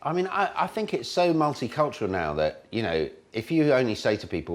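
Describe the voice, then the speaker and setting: A man in his forties, a comedian talking in a relaxed, rambling, self-deprecating way in an interview. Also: medium pitch, fairly quick, hardly any pauses. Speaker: comedian guest. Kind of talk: casual interview.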